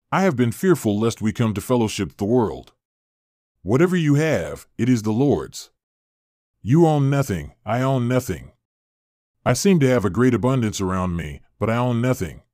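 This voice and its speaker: A man reading an old sermon aloud in a measured, declamatory way. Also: medium pitch, darkish tone, no echo, clean studio sound. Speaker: reader of historical sermons.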